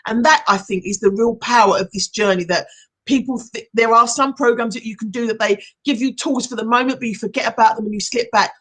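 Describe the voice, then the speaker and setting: A middle-aged woman, a hypnotherapist hosting a live-streamed chat, speaking in an encouraging, animated way. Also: a little high, a little fast, breathy edge. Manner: encouraging, animated, reads viewer comments aloud.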